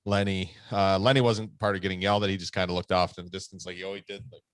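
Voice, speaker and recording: A man's voice: sits low, little pitch movement, fast talker, clear, resonant tone, no echo, clean studio sound. A man co-hosting a podcast, telling a story in a rambling way with lots of fillers and swearing. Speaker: podcast co-host. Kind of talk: casual storytelling chat.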